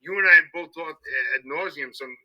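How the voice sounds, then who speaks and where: A man in his forties co-hosting a sports talk show, talking in an energetic, emphatic way. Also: a little high, brisk, lo-fi sound. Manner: energetic, emphatic, acts out quotes. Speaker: co-host and football coach.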